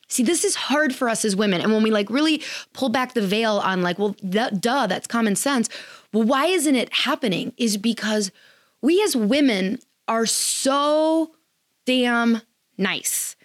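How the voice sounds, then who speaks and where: A woman's voice: on the high side, expressive, measured pace, dry recording, clean studio sound. A woman hosting a podcast, giving blunt, candid advice in a casual chatty way with plenty of fillers. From Wisconsin, US. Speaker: podcast host advising chiropractors.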